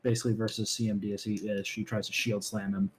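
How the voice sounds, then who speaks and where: A man's voice: lowish voice, flat delivery, fast talker, breathy edge, poor audio. Hesitant man explaining game moves. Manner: hesitant, many fillers while working out rules. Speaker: player. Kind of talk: casual tabletop game chat.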